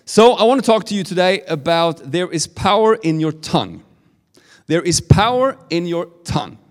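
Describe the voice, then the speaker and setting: Man, Swedish accent, guest preacher, loose sermon with fillers, slightly high voice, reverberant church hall. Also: very animated, moderate pace. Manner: warm and informal, with frequent fillers and restarts. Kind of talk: live sermon. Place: church service.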